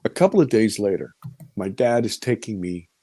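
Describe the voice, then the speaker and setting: A man's voice: fairly low pitch, very animated, normal speed, dark tone, breathy edge, no echo. A man in his fifties telling a vivid personal story as an interviewee, repeating words as he gets caught up in it. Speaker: interviewee recounting an encounter.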